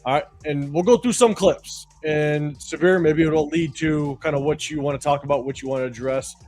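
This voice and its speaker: A man co-hosting a sports fan livestream, relaxed, moving through clips and asking viewers to subscribe. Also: fairly high pitch, moderate pace, soft background music. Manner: relaxed, guides the clips, asks for subs. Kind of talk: casual livestream chat.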